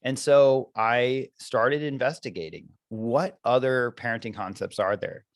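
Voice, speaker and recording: A man's voice: medium pitch, measured pace, dry recording. A man who coaches parents, talking earnestly and reflectively in a podcast conversation, with many fillers.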